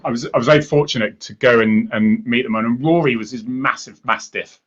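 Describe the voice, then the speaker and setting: A man hosting a chatty interview, jokey and quick to laugh, often trailing off mid-sentence. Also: mid-range voice, a bit bright, muffled recording. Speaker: host.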